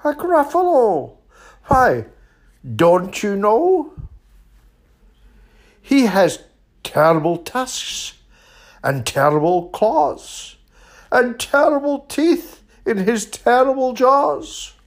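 Scottish grandpa doing a cheeky chirpy mouse. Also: male voice, sing-song, drawn-out words, pauses often, exaggerated voice. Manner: high, bright and chirpy. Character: bold little male mouse, clever and cheeky.

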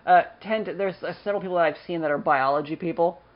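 Fast-talking chatty man on a podcast. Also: a little high, dull audio. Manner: chatty, jokey, laughs often. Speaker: podcast co-host. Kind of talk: casual chat.

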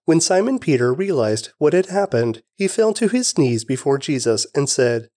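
Guy reading scripture, mellow warm voice, dry close mic. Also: a little high, sing-song, moderate pace, hardly any pauses, no echo. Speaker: scripture reader.

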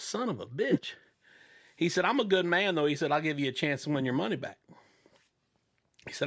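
A man's voice: a little high, pushed and bright. A man hosting a radio show, chatting casually and telling a long crude joke in a rambling, profane way. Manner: profane, rambling storyteller who voices the joke's characters.

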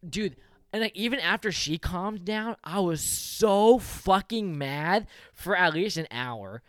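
A man's voice: high-pitched, animated, slow, clean tone, no echo. Young man, casual storyteller, rambling, foul-mouthed, constant "like", dry close mic. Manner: rambling, says "like" constantly, swears a lot. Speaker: storyteller in a chat with friends. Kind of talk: casual chat.

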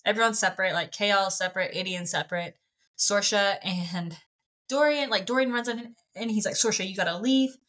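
A woman co-hosting a book podcast, retelling the plot in an animated, slangy, expressive way. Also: mid-range voice, normal speed. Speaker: podcast co-host. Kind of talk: casual book-club chat.

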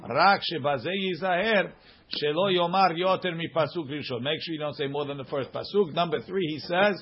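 A man teaching a religious law class, reading source text quickly and then explaining it casually to students, in a dull lo-fi recording. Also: on the high side, slight background noise.

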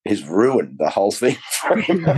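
A man's voice: lowish voice, very animated, measured pace, a little mellow, slightly rough. A middle-aged man, a comedian guesting on a podcast, talking bluntly and jokily, swearing and calling people mate. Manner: blunt and jokey, swears, calls people mate, acts out little scenes. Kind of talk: casual conversation.

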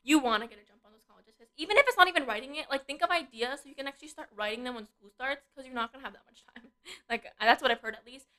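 A woman's voice: high voice, racing, sharp tone. A teenage girl chatting casually about college prep, with a lot of "like" filler, at a desk mic. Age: teens. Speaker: co-host. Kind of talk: casual advice chat. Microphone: desk microphone.

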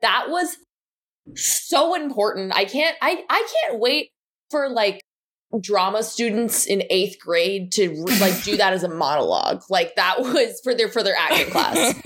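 A woman's voice: mid-range voice, expressive, a little slow, fairly bright tone, husky. A woman co-hosting a podcast in casual chat, gushing effusively and swearing freely. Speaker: podcast co-host.

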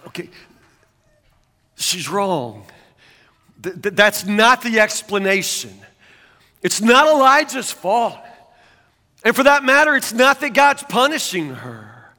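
A man's voice: high-pitched, very animated, slow, pauses often, bright, forceful tone, long reverb tail. A man preaching a sermon as a pastor, talking conversationally and often stammering into restarts.

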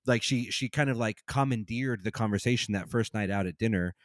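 A man's voice: lowish voice, brisk, dry recording. A man co-hosting a film podcast, rambling casually and acting out quotes as he talks. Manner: rambling, animated, acts out quotes. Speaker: podcast co-host.

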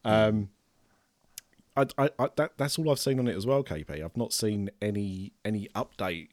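Low dry-voiced guy hosting a chat show, laid back, trails off. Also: moderate pace, a little mellow, no echo. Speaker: podcast host. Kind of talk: casual chat.

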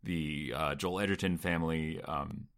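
A man co-hosts a casual film review conversation, speaking loosely with frequent fillers and hedges. His voice is very deep. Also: normal speed. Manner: relaxed, filler-heavy, hedging. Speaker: podcast co-host.

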